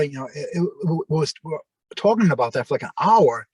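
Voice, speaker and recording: A man telling long personal stories in a rambling, halting way, full of restarts. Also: a little high, expressive, a little mellow, husky, no room sound. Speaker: interview guest. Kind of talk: casual storytelling.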